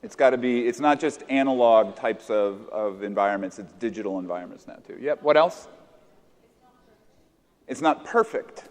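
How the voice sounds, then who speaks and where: A man's voice: medium pitch, normal speed, a little mellow. An American man presenting at a teachers' conference in a casual, interactive way, repeating audience answers back and restarting sentences often. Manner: conversational, echoes audience answers, many restarts. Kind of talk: interactive workshop talk with teachers.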